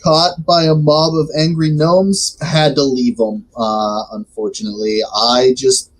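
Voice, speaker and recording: A man's voice: mid-range voice, level tone, measured pace. A man playing a tabletop game, joking and rambling casually in character. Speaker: player.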